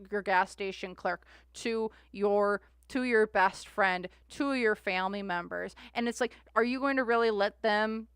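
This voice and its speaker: Chatty woman, smooth dry voice. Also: mid-range voice, a bit bright, no echo. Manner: chatty, rambling, restarts words. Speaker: tarot livestream host. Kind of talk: casual livestream chat.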